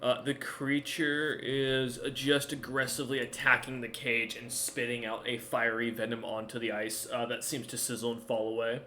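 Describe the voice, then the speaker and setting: A man's voice: mid-range voice, level tone, moderate pace, few pauses, pushed and bright, a little hiss or hum. A man running a tabletop game as game master, narrating with many fillers and self-corrections.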